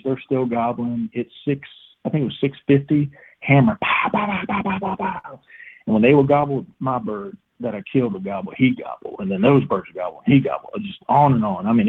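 A young man excitedly telling a hunting story as a guest, acting out every line he quotes. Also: mid-range voice, a little fast, narrow, tinny audio. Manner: excited, animated retelling with acted-out quotes. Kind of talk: casual storytelling.

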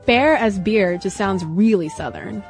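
A woman's voice: mid-range voice, big pitch swings, unhurried, a little mellow, soft background music. A young adult woman co-hosting a podcast, chatting casually and playfully, often laughing. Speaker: podcast co-host. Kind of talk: casual chat.

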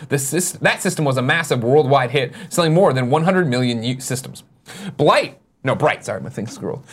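A man co-hosting a casual gaming talk show, reading news stories aloud and cutting in with quick jokes. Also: medium pitch, expressive, husky.

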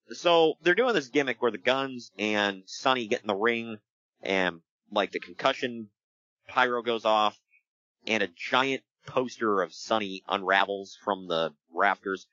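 Male podcast host, animated storyteller with a bright, dry close sound. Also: medium pitch, no room sound, highs cut off. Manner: animated storyteller, laughs often, breaks into voices. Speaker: podcast host recapping wrestling. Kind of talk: casual chat.

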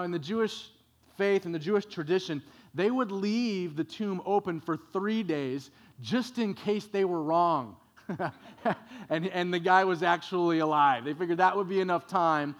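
A man preaching a sermon, swinging between hushed reflection and emphatic, dramatic points. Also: high voice. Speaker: pastor.

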